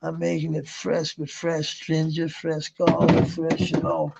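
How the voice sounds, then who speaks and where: Gravelly man chatting on a stream. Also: fairly high pitch, flat delivery, measured pace, a little mellow, slight background noise. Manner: rambling, swears often, laughs at chat comments. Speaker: livestreamer. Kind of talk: casual live chat. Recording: muffled lo-fi stream audio.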